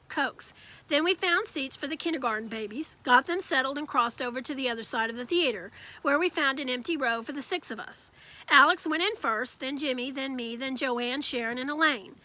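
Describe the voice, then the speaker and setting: Woman reading a kids' novel aloud, high voice, bright and lively. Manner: lively storytelling narration. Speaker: reader.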